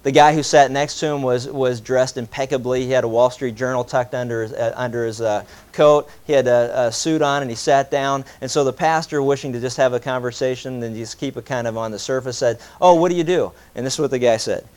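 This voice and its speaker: A preacher telling an anecdote in a sermon, animated and voicing both sides of a conversation. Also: male voice, mid-range voice, a little fast, hardly any pauses. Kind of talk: sermon storytelling.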